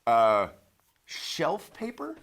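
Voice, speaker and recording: A man's voice: on the high side, huge pitch swings, extremely slow, creaky, a bit bright. A man hosting a local talk show, giving a casual comedic monologue in front of a small studio audience, sounding incredulous and laughing along.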